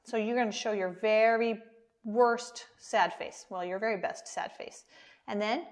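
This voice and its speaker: An American woman teaching an online preschool lesson, speaking slowly and encouragingly to small children. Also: medium pitch, fairly even intonation.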